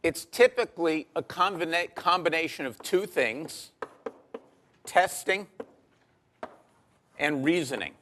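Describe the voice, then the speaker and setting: A man giving a university lecture in a lecture hall, measured and dry-humored, with frequent ums and uhs. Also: fairly high pitch, animated, a bit bright. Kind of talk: classroom lecture.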